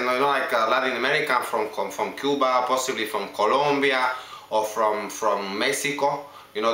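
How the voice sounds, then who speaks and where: A man's voice: medium pitch, bright, forceful tone. Man rattling off accents in an echoey room. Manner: hops between English accents, chatty and self-assured. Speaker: actor showing accents. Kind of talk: accent showreel monologue.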